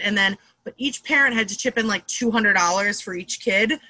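Bright animated woman telling stories. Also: mid-range voice, no echo. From Boston area. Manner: animated, quick storyteller acting out quotes. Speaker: comedian guest. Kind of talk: casual storytelling chat.

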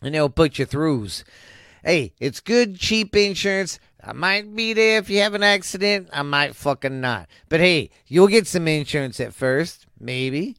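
A man's voice: fairly high pitch, animated, unhurried, fairly bright tone, clean tone, no echo, studio quality. A man voicing a brash, cursing tough-guy insurance salesman in a comic fake ad. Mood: sleazy swagger.

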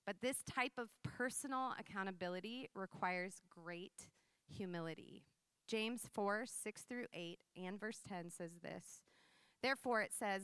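Woman, 30s, sermon with personal story, conversational and lively; crisp, bright tone. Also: mid-range voice, a little slow, no echo. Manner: conversational, animated storytelling with frequent "like" and laughs. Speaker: preacher.

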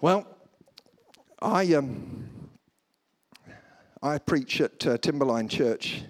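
A man's voice: fairly high pitch, extremely slow. A man preaching a humorous sermon at a church service, telling stories and slipping into comic voices. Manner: animated storytelling, slips into comic voices. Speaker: guest preacher. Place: church service before a congregation.

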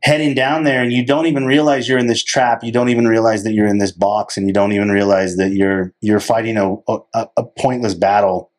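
A man co-hosting a podcast in casual chat, telling stories in an animated way and laughing often. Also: lowish voice, brisk, few pauses. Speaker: podcast co-host.

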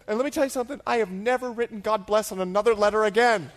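A middle-aged male pastor preaching a sermon as an animated storyteller, dropping to a hush and then rising to loud, excited bursts. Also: sits high, very fast, hardly any pauses. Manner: animated storyteller, swings from hushed to shouting.

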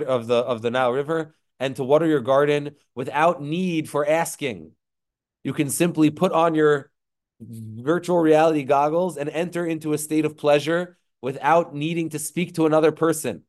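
A man teaching an online class in a reflective way, with frequent fillers, drawing out quoted phrases slowly, recorded on a computer mic during a video call. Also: a little high, a little mellow. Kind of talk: online lecture.

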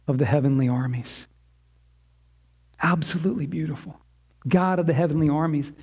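A man's voice: a little high, a little mellow. A man preaching a sermon in a church as pastor, emphatic and repetitive, building phrases for effect.

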